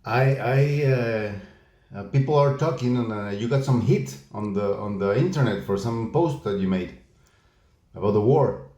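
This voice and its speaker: A man's voice: fairly low pitch, normal speed, mellow, echoey room, muffled recording. A man hosting a comedy podcast with an upbeat, game-show-style delivery, chatting casually with his co-hosts. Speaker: podcast host.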